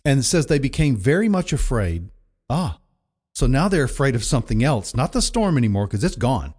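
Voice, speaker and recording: A man's voice: medium pitch, sing-song, a little fast, darkish tone, husky. A man preaching a sermon in a conversational, emphatic way, often repeating himself for effect. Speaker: pastor.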